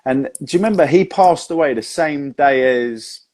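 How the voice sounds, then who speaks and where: A man's voice: on the high side, expressive, normal speed, a little mellow. A man hosting a live casual chat, telling jokes and stories, laughing often and swearing now and then. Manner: chatty, laughs a lot, swears in anecdotes. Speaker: host, magician.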